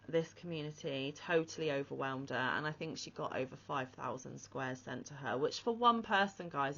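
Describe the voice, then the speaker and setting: A woman's voice: sits low, sharp tone. A woman hosting a crochet vlog, talking casually and with heartfelt, emotional praise. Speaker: crochet channel host. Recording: slightly muffled lo-fi audio.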